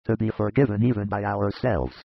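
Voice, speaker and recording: A man's voice: fairly low pitch, a little fast, creaky, husky, no room sound, dull audio, full character voice. A man voicing an older male disciple who speaks in an earnest, fatherly way, in a dramatized audiobook reading.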